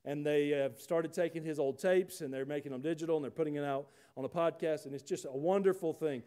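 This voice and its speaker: A man's voice: on the high side, a little fast, mellow. A man preaching a sermon, folksy and conversational, rising to emphatic rhetorical questions. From United States. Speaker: pastor.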